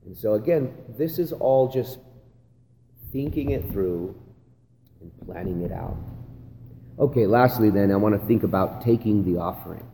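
A man's voice: fairly low pitch, lively intonation, moderate pace, gravelly, pauses often, mellow. A man, a pastor, giving a conversational teaching talk to other pastors, often asking "right?" as he goes. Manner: conversational, repeats "right?" and "again". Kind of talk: church leadership teaching talk. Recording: long hall reverb, faint ambient noise.

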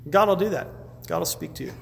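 A man's voice: high-pitched, expressive, quick pace, vocal fry. Man preaching in a reverberant hall. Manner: conversational preaching, repeats words. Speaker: pastor. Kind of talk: sermon with Q&A. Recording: reverberant hall with faint background noise.

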